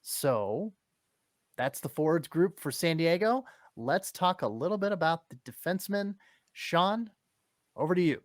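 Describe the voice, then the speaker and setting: An excitable co-host of a sports podcast, recorded dry and close with no room sound. The voice sits at a middle pitch and breaks into laughter when things get exciting. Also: measured pace, dry recording. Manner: excitable, laughs and gets flustered. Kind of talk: hockey analysis podcast.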